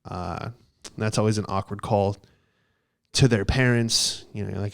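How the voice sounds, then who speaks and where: Young man, podcast host, smooth, rambling, swears, casual storytelling. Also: lowish voice, fairly even intonation, unhurried, long pauses. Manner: rambling, profane, heavy on fillers.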